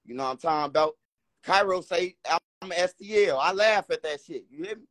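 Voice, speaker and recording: A man with a Chicago accent hosts a heated livestream argument, talking brash trash and circling back to the same points. His voice sits high and bright. The sound is dry and close. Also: brisk, no room sound. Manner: brash trash talk, repeats himself. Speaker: host.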